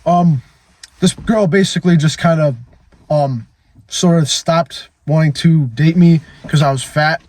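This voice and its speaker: A man's voice: a little high, unhurried, a little mellow, dry recording. A man in his twenties talking into his phone in a blunt, profane, emphatic confessional monologue. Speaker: fitness vlogger.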